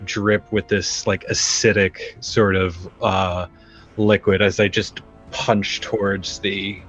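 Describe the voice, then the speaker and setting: A man describing his character's spell in a halting way, full of fillers. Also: low voice, little pitch movement, fairly bright tone, lo-fi sound, soft background music. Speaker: player. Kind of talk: tabletop role-play.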